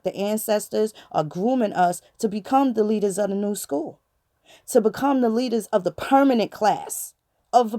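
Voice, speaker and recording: A woman's voice: mid-range voice, mellow, no room sound, studio quality. A woman with hosting her channel, talking in a blunt, preachy, casual monologue full of slang and profanity. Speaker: channel host.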